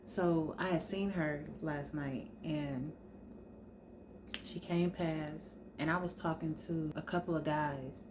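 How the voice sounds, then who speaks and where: Low-voiced woman chatting casually. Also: fairly even intonation, slow, noisy background. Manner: chatty, informal storytelling, addresses viewers as y'all. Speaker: vlogger. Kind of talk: casual sit-down chat.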